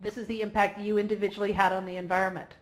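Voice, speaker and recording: A woman speaking as organizer at a conference closing ceremony, excited and emotional, laughing often. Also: medium pitch, very fast. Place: virtual reality event.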